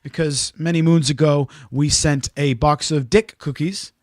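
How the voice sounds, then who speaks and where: Slightly high and steady in tone, this man speaks a little slowly, with clean studio sound and no room echo. He co-hosts a casual podcast, chatting playfully and guiding where the conversation goes.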